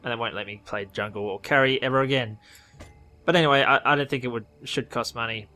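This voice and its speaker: A man's voice: medium pitch, fast, bright, forceful tone. An Australian man casually commenting on a game update, rambling and correcting himself as he goes. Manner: rambling, self-correcting, offhand. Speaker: gaming video host.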